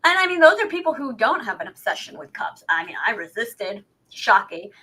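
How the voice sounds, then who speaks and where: Bright, chatty woman co-host. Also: fairly high pitch, sing-song, brisk, breathy edge. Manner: chatty, self-deprecating, asks rhetorical questions. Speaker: podcast co-host. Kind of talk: casual chat.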